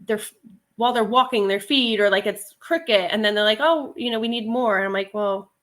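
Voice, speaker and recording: A woman's voice: on the high side, brisk, fairly bright tone. A middle-aged woman chatting casually on a livestream, reading viewer comments, laughing often and wandering into asides. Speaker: livestream host, reseller.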